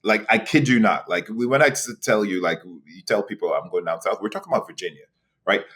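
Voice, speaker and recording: A man in his forties from New York, a podcast guest telling his career story in an animated way, with many restarts and a repeated "right?". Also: lowish voice, fairly quick. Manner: animated, frequent laughs and restarts, rhetorical "right?". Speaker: podcast guest, executive director. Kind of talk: storytelling interview.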